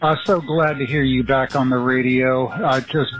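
A man leaving a warm, grateful voicemail for a radio host, hesitating with fillers. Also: medium pitch, steady tone, normal speed, soft background music, rough recording. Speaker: caller leaving a message.

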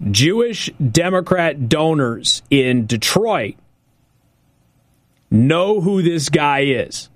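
A man hosting a political talk radio show, delivering an emphatic, sarcastic monologue and repeating points slowly for effect. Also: on the high side, dry recording, studio quality.

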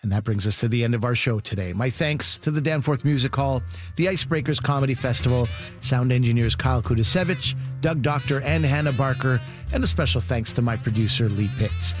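A man hosting a radio comedy show, giving a measured, sincere sign-off. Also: medium pitch, music in the background.

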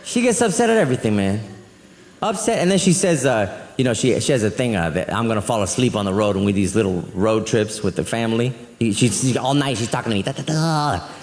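A man doing a live stand-up routine, telling stories with an animated, exasperated delivery. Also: medium pitch, fairly quick. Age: adult. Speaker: stand-up comedian. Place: comedy club stage. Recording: reverberant hall, faint audience.

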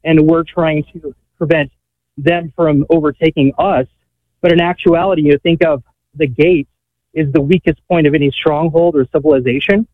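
A man's voice: a little high, steady tone, normal speed, dry recording. A man calling in to a radio show, out of breath while working, asking his question earnestly with many fillers. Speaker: caller. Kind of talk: call-in radio talk. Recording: tinny phone line.

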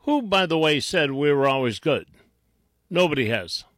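A man's voice: on the high side, lively intonation, moderate pace, a bit bright, no room sound. A man hosting a talk radio show, mocking and combative in tone, with frequent restarts.

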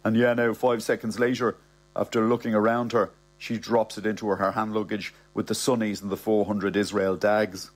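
A man's voice: fairly low pitch, flat delivery, moderate pace. A middle-aged man with a Dublin Irish accent narrating a comic audiobook in a cocky, slangy style.

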